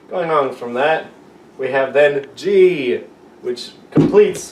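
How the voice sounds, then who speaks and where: A man gives a loose, playful lesson, wandering off track and making fun of himself. He is recorded from well back in an echoing room with a faint hiss behind him. His voice sits at an ordinary pitch. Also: animated, measured pace. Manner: rambling, self-mocking, playful. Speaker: amateur video teacher. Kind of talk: casual joking lesson. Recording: roomy echo, far from the mic, faint room noise.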